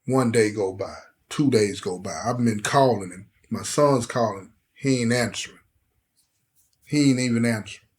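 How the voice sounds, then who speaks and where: A man's voice: mid-range voice, normal speed, darkish tone. A middle-aged man, telling a personal story with intensity and acting out the voices of the people in it. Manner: emotional, intense, acts out quoted voices. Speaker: host telling his life story.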